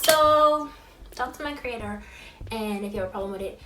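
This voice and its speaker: A young woman vlogger with a childlike high voice, talking in a sassy, expressive way that swings from loud to hushed. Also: moderate pace, roomy sound, far from the mic, faint music behind. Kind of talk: casual vlog monologue.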